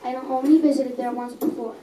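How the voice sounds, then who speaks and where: A woman's voice: sits high, fairly even intonation, fast, background noise. A young reader reading her own story aloud in a coffee house, earnest, with small stumbles and self-corrections. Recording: echoey room, mic at a distance.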